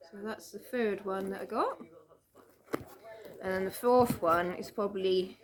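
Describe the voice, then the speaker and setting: A woman's voice: medium pitch, creaky, darkish tone. A British woman in a casual home video, talking through her handbag collection in a chatty, rambling way with fillers and small laughs. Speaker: vlogger. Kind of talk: casual show-and-tell chat. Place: home room.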